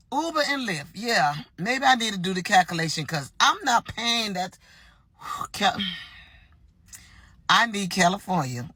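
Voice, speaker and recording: A woman's voice: a little high, animated, moderate pace, bright, forceful tone, slightly rough, no room sound. A woman from Miami talking casually to the camera, exasperated and dramatic. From Miami, Florida. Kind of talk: casual vlog complaint.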